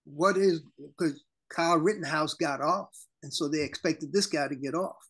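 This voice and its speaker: A man's voice: a little high, moderate pace, husky. Indignant male talk show co-host. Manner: animated, indignant commentary. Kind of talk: political talk show discussion.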